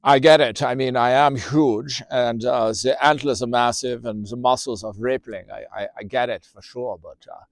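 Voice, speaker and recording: A huge bull elk sighs over his lot in a slow, halting ramble, as a man reads him aloud. The voice is mid-pitched and dry, recorded close for a spoken storybook. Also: fairly even intonation, no room sound, close to an everyday voice. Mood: glum. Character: big male bull elk, glum and self-pitying.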